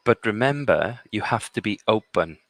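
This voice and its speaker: A man's voice: fairly low pitch, lively intonation, moderate pace, a bit bright, no room sound. A middle-aged man from the UK, a guest speaker in a live conversation, telling stories and checking in with "okay?". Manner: punctuates points with "okay?". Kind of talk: conversational storytelling.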